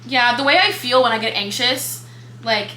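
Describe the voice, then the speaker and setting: A young woman co-hosts a casual book podcast and retells the plot with lively asides and frequent swearing. Her voice is bright and fairly high. The room rings with echo. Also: moderate pace. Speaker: podcast co-host. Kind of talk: casual book review chat. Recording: echoey room with faint hum.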